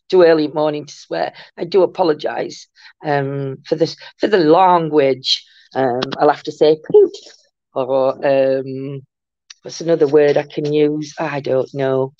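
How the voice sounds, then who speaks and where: A woman's voice: low voice, gravelly, warm tone, no echo. An older woman, hosting a casual livestream, chatting and greeting viewers with endearments. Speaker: livestream host. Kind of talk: casual live chat reading comments. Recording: muffled lo-fi dry room sound.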